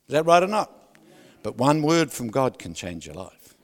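A man preaching a sermon, loud and animated, who keeps asking the crowd for agreement and drops joking asides with laughs. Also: on the high side, a little fast. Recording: long hall reverb.

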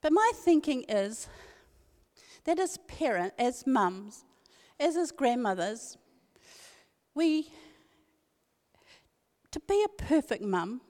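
A woman's voice: high-pitched, very animated, slow pace, long pauses, a little mellow. An older woman giving an earnest devotional talk at a church meeting, telling a family story and repeating key phrases for emphasis. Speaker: speaker at a women's church meeting. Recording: long reverb of a hall.

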